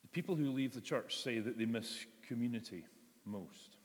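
In a church, a man gives a sermon in a conversational style, performing the voices of the story's quoted speakers. His voice is mid-range at normal speed, and a large hall lends it a long reverb.

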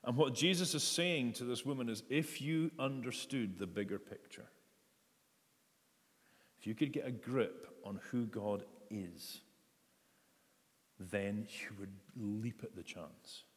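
A man's voice: mid-range voice, slow pace, long pauses, in a large hall. A man preaching a sermon in a conversational, searching way, often restarting his sentences. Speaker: pastor.

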